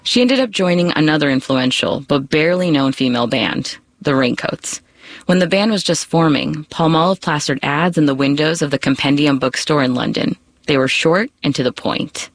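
Female radio reporter narrating a feature. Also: low-pitched. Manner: measured, storytelling delivery. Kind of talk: scripted news feature narration.

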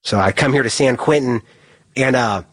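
A man's voice: mid-range voice, normal speed, no echo. An incarcerated man telling a story in a rambling casual way, filling his speech with "like" and small laughs.

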